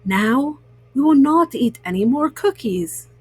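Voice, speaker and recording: A woman voicing a sensible, patient male frog in a storybook reading, calm and reasoning. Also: a little high, a little slow, breathy edge.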